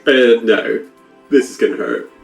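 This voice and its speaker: Very slow-talking man playing a tabletop game. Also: medium pitch, gravelly, music in the background, low-quality recording. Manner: unhurried, thinking aloud, chuckling often. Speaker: player. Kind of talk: casual tabletop play.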